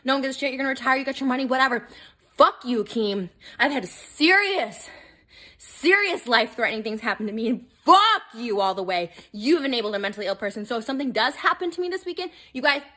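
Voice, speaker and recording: A woman's voice: high voice, bright, forceful tone. A woman in a furious, profane rant, accusing someone directly. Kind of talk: angry ranting video.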